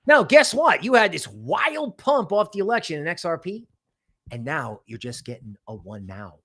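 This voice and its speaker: A man hosting a casual crypto market stream, talking in an animated, rambling way full of asides. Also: on the high side, normal speed, husky. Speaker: crypto market show host.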